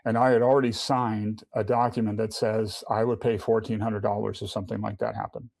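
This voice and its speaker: Earnest low-voiced man with gravelly fry. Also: little pitch movement, a little fast, a little mellow, no echo. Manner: earnest, with many restarts and repeated words. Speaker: podcast guest. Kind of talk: personal testimony in casual conversation.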